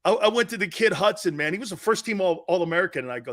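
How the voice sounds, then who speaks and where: Rowdy, laughing sports talk host. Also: male voice, high-pitched, animated, very fast, few pauses, no room sound, studio quality. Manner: loud, laughing, rowdy storyteller who swears. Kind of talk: animated sports talk storytelling.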